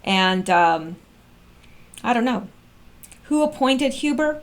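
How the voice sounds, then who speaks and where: Woman talking to her channel, reads stuff out slow then chats about it, lots of um and uh. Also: a little high, expressive. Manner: reads slowly and comments with fillers. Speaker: online commentator. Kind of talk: casual commentary reading posts aloud.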